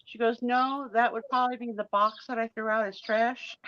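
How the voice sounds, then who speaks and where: A woman's voice: fairly high pitch, moderate pace, a crowd in the background. A woman hosting a casual live-stream chat, telling stories with animation. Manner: animated storyteller. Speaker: host. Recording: dull, dry sound.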